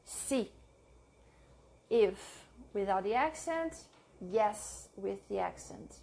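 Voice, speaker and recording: Slow, careful woman reading example words. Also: medium pitch, animated, creaky, darkish tone, a little hiss or hum. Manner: slow, careful, repeating each example word. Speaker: language teacher. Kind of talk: reading a pronunciation lesson aloud.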